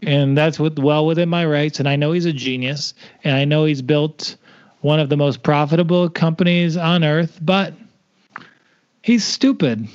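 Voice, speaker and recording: A man's voice: fairly high pitch, fairly even intonation, moderate pace, smooth. A man co-hosting a podcast, teasing and stubbornly holding his line in casual chat. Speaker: podcast co-host. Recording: dull lo-fi podcast audio.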